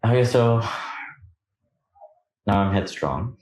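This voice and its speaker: Deep-voiced man telling his story, roomy. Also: takes it slowly. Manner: animated, acts out quoted lines, laughs between points. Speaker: podcast guest. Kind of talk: candid personal storytelling. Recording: roomy echo.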